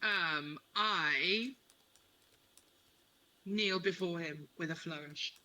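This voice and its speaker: A man's voice: on the high side, drawn-out words, bright, forceful tone, rough recording. A man playing a tabletop game, playfully declaring his character's actions. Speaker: player.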